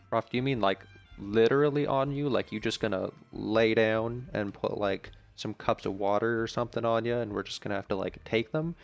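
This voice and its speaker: A man with a low, gravelly voice, casually talking through a video game playthrough. He speaks in a chatty, joking way while thinking aloud about his choices, and faint game music runs in the background. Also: steady tone, normal speed. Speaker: gaming channel host. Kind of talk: let's play commentary.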